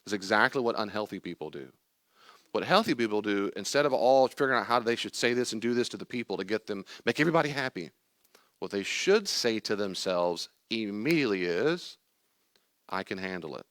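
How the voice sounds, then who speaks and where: An older man teaches a group about anxiety with plenty of emphasis. His voice sits a little low, and the sound is dry and close. He acts out worried questions and steady answers as he talks. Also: brisk, no room sound. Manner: emphatic, acts out anxious and calm inner voices. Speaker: teacher leading a class on anxiety. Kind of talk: lively teaching talk to a group.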